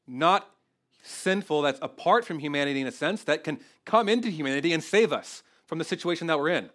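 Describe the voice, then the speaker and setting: A man's voice: on the high side, fairly bright tone. A man preaching a sermon, earnest and conversational, often restarting his phrases and growing emotional. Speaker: pastor.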